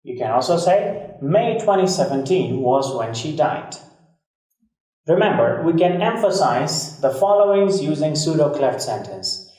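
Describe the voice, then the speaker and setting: A man with a fairly high voice explains grammar at a slow, careful pace, going back over each point. He sounds set back from the mic, and his voice rings around a very echoey room. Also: lively intonation, a little mellow, recorded from a distance. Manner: slow, deliberate explaining with repetition and examples. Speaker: English teacher. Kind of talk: grammar lesson.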